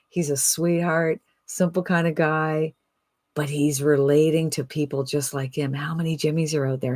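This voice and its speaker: A speaker in their sixties giving an upbeat, chatty sales pitch to camera, often tossing in a rhetorical "right?". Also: dry recording. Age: 60s. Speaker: online business promoter.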